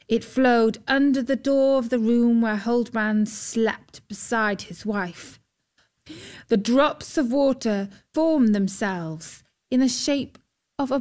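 A woman narrating a fairy tale in a gentle, expressive storybook style. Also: on the high side.

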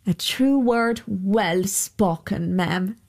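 A woman voicing a sly, smooth-talking soldier who wheedles and flatters. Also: mid-range voice, very slow. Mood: wheedling.

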